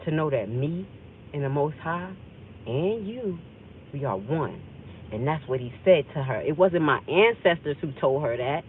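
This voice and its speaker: A woman's voice: low voice, animated, unhurried, slight background noise. Intense storytelling woman on tinny audio. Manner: intense, rambling, acts out remembered dialogue. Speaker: livestream host. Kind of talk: emotional personal storytelling on a livestream.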